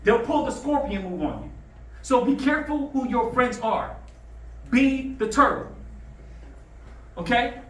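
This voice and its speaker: A man giving a motivational talk to high school students, drawing answers from the room and telling stories, recorded in a roomy classroom away from the mic. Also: unhurried, pauses often, recorded from a distance. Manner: animated, calls for answers, storytelling. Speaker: motivational speaker.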